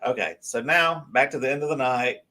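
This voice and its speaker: A man, telling a story as a guest on a live talk show, animated and rambling, with many restarts. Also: mid-range voice, a little fast.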